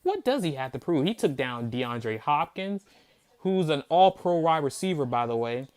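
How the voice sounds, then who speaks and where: A man's voice: fairly high pitch, very animated, moderate pace, a little mellow, clean tone. A man hosting a sports reaction video, ranting in heated, profane disbelief and repeating himself for emphasis. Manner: mocking, disbelieving. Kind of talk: angry fan reaction rant.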